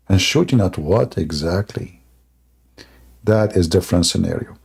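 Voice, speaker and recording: Gravelly-voiced man, sarcastic debate host. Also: low-pitched, expressive, a little slow, a little mellow. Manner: sarcastic, joking, laughs at his own jokes; non-native English grammar. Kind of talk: mocking live debate monologue.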